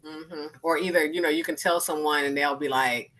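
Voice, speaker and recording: An animated woman in her fifties, speaking candidly as a panel guest. Her voice is bright and forceful, and she keeps slipping into lively impressions of the people she quotes, laughing as she goes. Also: sits low, fairly quick, low-quality recording. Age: 50s. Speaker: arts organization founder, guest speaker.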